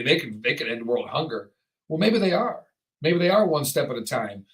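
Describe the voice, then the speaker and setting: Man, podcast host, slightly high voice, rambling casual chat, acts out quotes. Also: poor audio.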